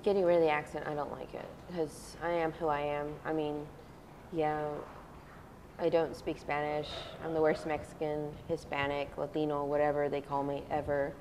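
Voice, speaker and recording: A young woman with a Texas accent answers interview questions in a loose, chatty way. Her voice sits low and carries a lot of gravelly fry. She keeps reaching for fillers like "I mean" and "like". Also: monotone, moderate pace, a little mellow, long reverb tail, slight background noise. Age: young adult. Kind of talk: casual interview talk.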